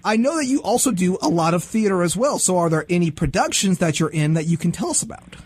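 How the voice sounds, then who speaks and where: A man hosting an interview, chatting casually in an excitable, rambling way and sometimes singing snatches of theme songs. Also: high voice, quick pace, slightly rough, no room sound. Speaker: podcast host.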